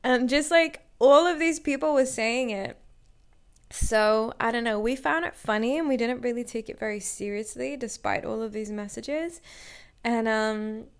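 A woman's voice: a little high, normal speed. A young adult woman casually telling a personal story, chatty and full of "like," acting out what people said to her. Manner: chatty, many "like" fillers, acts out quoted dialogue.

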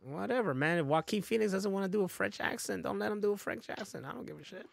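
A man co-hosting a podcast in casual chat, joking loudly and swearing freely. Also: high-pitched, quick pace, vocal fry, no room sound, clean studio sound. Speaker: podcast co-host.

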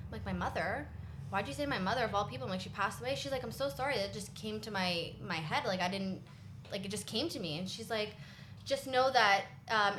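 A woman in casual chat, animatedly telling a personal story and quoting the people in it. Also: medium pitch. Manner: animated storyteller who quotes others. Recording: roomy echo with light noise.

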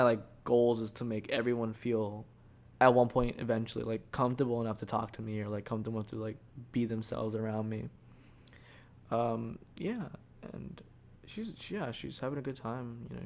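A young man chats alone into his podcast mic. He rambles and restarts, swears freely and leans on "like" in nearly every line. His voice sits at a middling male pitch. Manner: rambling, profane, heavy filler "like". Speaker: podcast host. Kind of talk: casual solo storytelling.

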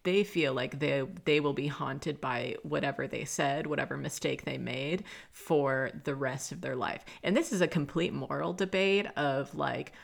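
A woman's voice: very deep voice, moderate pace, vocal fry, hardly any pauses. A young woman hosting a casual solo podcast, chatty and swearing often as she talks things through. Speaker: podcast host.

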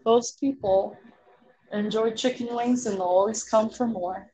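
A woman co-hosting a casual podcast chat, giggling often and filling pauses with um and like. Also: fairly high pitch, fairly even intonation, mellow. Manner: giggly, drawn-out, lots of fillers. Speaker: podcast co-host.

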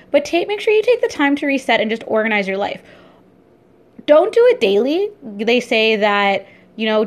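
A young woman vlogger and entrepreneur talking casually in a daily vlog, upbeat, chatty and easily excited. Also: a little high.

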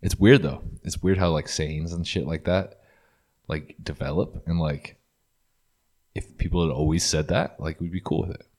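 A man's voice: low-pitched, fairly even intonation, moderate pace, darkish tone. A young man co-hosting a podcast, joking and swearing in casual banter, full of "like". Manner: joking, swears a lot, says "like" often. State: hungover. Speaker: podcast co-host.

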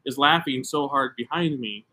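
A middle-aged man from the United States co-hosts a casual podcast, spinning a story with emphatic, self-mocking flair. His voice sits at an ordinary middle pitch for a man. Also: moderate pace, pushed and bright. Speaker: podcast co-host. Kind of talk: casual chat.

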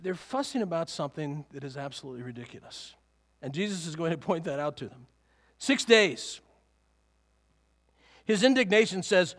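A high-pitched male pastor preaching a sermon in a church sanctuary, talking conversationally with rhetorical questions and chuckling asides. His voice rings with a long hall reverb. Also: lively intonation, normal speed, fairly bright tone.

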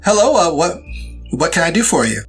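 A man's voice: on the high side, big pitch swings, a little fast, fairly bright tone, slightly rough, faint music behind, full character voice. A man voicing a polite, flustered older homeowner in her sixties who stammers as she talks. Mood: flustered politeness.

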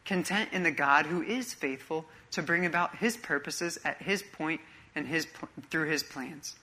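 Male pastor, conversational sermon, bright forward tone, searching questions. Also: a little high. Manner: earnest, conversational preaching with rhetorical questions.

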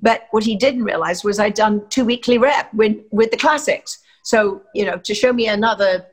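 A woman's voice: mid-range voice, normal speed. An older woman from England with a standard southern English accent, telling stories from her acting career with many fillers and restarts. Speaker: actress guest. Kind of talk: anecdotal interview talk.

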